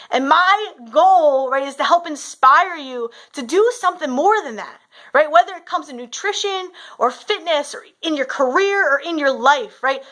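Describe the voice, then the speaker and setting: A woman's voice: sits high, bright, forceful tone. A woman coach giving a motivational talk, telling a story and often adding "right?". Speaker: fitness and mindset coach.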